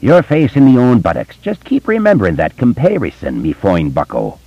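A man's voice: deep voice, huge pitch swings, moderate pace, no room sound, dull audio, full character voice. A man voicing a brash, wisecracking adult friend who slips into a mock Irish brogue.

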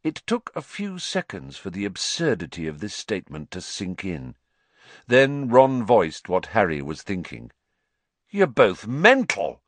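A man narrating an audiobook in an expressive, measured way. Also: deep voice, no echo.

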